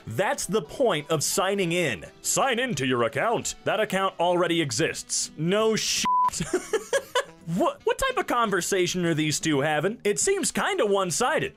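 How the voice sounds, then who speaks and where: Male comedy commentator, high and very animated, sarcastic. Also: a little slow, soft background music. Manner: sarcastic, animated reactions with bursts of laughter. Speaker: YouTube commentator.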